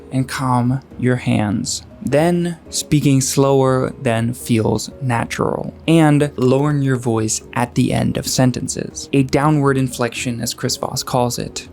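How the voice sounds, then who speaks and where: A man's voice: medium pitch, darkish tone. Dry-humored man narrating a vlog. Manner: dry self-deprecating humor, deliberate pauses. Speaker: vlogger. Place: Bucharest apartment.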